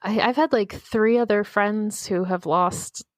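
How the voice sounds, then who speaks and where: A woman's voice: medium pitch, unhurried, dry recording, clean studio sound. A woman co-hosting a podcast in casual chat, telling stories with lots of "like" and acting out what people said. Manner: storytelling, many "like" fillers, acts out quotes. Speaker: podcast co-host.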